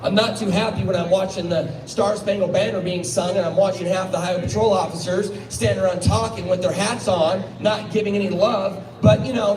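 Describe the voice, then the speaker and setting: A man giving a blunt, combative outdoor rally speech. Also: high-pitched. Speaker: rally speaker. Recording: echoey, from far off, crowd behind.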